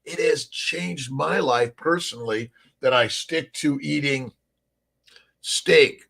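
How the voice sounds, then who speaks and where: Upbeat rambling man with gravelly voice. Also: on the high side, slow, pushed and bright. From Southern California. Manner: upbeat, rambling, greets viewers by name. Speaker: livestream host. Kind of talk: casual morning livestream chat.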